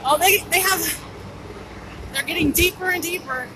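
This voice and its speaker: Her voice very high and her pace normal, a woman reports live from her handheld phone as a citizen journalist, speaking without a script. She stands outdoors on a pedestrian bridge near a busy border crossing, urgent, excited, slightly breathless and repetitive, while traffic and helicopters rumble through the noisy recording.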